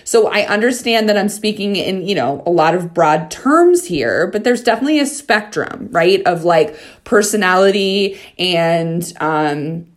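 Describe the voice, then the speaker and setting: A woman's voice: on the low side, lively intonation, a little slow, hardly any pauses. A young adult woman hosting a dog-training podcast, talking frankly and casually, swearing freely and checking in with listeners. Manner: frank, swears freely, asks "okay?" often.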